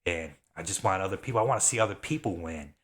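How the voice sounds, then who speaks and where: A man in his thirties making an excited, repetitive sales pitch, getting worked up as he talks. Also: fast. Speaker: affiliate marketer. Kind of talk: excited sales pitch, self-described rant.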